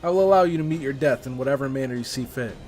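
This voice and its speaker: A man's voice: mid-range voice, racing, a little mellow, faint music behind, lightly acted. A man reading the lines of a proud, furious female warrior queen in a haughty, mocking tone. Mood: scornful.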